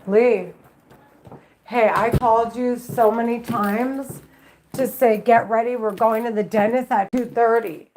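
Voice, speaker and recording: A mother recording herself at home, speaking urgently and repetitively, with frequent swearing. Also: fairly high pitch. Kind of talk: self-recorded vlog.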